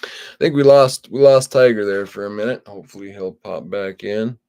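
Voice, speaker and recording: Casting: male stream host, low voice with a dark, gravelly edge, unhurried delivery. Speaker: livestream host. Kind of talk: casual chat, reading viewer comments aloud.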